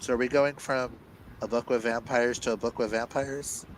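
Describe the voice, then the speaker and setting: A man's voice: medium pitch, steady tone, moderate pace, poor audio. A man hosting a book club show, chatting casually and reading a synopsis aloud while playfully tripping over unfamiliar names.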